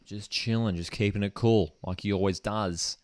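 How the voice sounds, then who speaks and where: Brief: man, football watchalong host, low voice, casual and keen. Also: fairly even intonation, moderate pace, no room sound. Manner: casual and enthusiastic, often says "man". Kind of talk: live match watchalong commentary. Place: home streaming desk setup.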